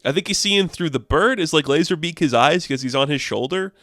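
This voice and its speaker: A man casually reviewing a comic book, chatty and excitable, with lots of fillers. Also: a little high, brisk, no room sound, clean studio sound.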